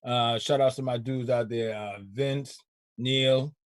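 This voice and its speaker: A man's voice: mid-range voice, fairly even intonation, takes it slowly, no echo. A man hosting a casual chat show, laid-back and slangy, laughing often. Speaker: show host.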